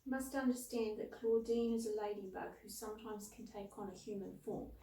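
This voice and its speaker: A woman's voice: mid-range voice, fairly quick, mellow. A woman reviewing a children's book and reading from it aloud, in a playful, self-deprecating way. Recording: roomy, distant mic.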